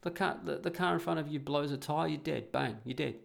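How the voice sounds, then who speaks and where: A man's voice: fairly high pitch, fairly quick, creaky. A middle-aged man telling a casual anecdote in a blunt, profane, emphatic way. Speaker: storyteller.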